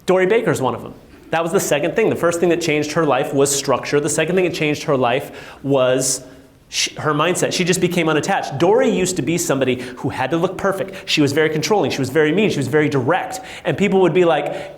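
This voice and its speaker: Guy coaching realtors, kinda high voice, echoey room, acts out voices in his stories. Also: fast. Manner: animated storytelling, acts out quoted voices. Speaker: real estate coach. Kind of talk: motivational talk to agents.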